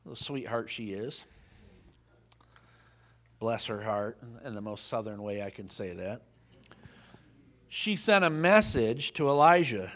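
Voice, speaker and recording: A man preaching a sermon, telling a Bible story with lively, folksy humor and questions for the congregation. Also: lowish voice, slow, pauses often. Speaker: pastor.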